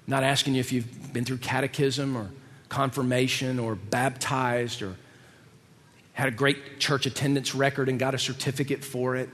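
A man preaching a sermon in a casual, animated way, with slangy asides to his listeners. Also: medium pitch, long reverb tail. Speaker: pastor.

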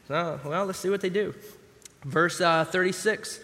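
Man, pastor, chatty sermon, slightly high voice, long reverb, big church hall. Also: unhurried, sharp tone. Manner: conversational, acts out the scripture scenes.

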